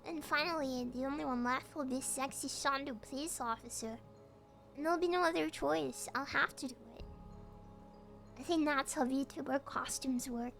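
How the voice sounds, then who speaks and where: A woman's voice: high-pitched, pushed and bright. A young woman VTuber chatting casually on stream, playful and giggly as she reacts to her chat.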